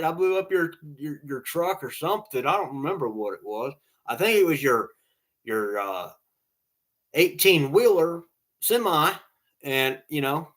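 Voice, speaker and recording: Rambling man with a bright voice. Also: on the high side, lively intonation, unhurried. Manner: rambling, repeats "all right?" and "okay?", laughs at own stories. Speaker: vlogger telling stories. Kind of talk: casual rambling storytelling.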